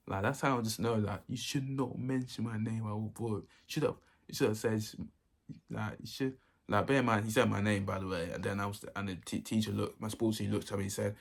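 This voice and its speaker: Gravelly young man rambling. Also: lowish voice, little pitch movement, fairly quick. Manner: rambling, repeats himself often. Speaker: vlogger. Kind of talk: casual storytelling.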